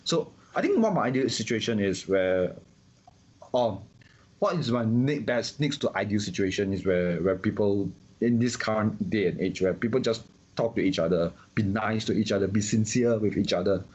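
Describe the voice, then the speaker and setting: A Singaporean man in casual conversation, talking in an animated way with many restarts and repeated words. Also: on the low side, normal speed, slightly rough, muffled recording. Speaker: guest.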